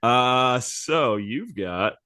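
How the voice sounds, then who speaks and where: Bright, slow-talking man telling jokes. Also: medium pitch, lively intonation. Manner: playful, profane, laughing storyteller. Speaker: podcast co-host. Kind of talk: improvised comedy bit.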